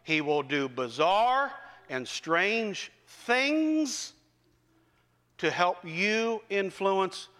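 Bright-voiced male preacher in a reverberant hall. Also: high-pitched, sing-song, drawn-out words. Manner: folksy, conversational, varies pace for emphasis. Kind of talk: sermon with storytelling.

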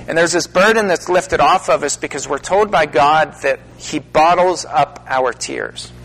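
A middle-aged minister speaking earnestly to an audience, with halting pauses that build into emphatic stresses. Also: male voice, fairly high pitch, a bit bright, soft background music, rough recording. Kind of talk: personal testimony talk to an audience.

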